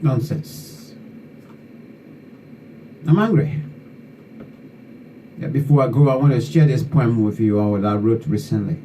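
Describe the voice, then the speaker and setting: A man's voice: lowish voice, a little fast, few pauses, dark tone. A man from Liberia, hosting an online talk show and delivering fervent, repetitive political commentary that scolds his listeners. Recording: distant mic with faint background noise.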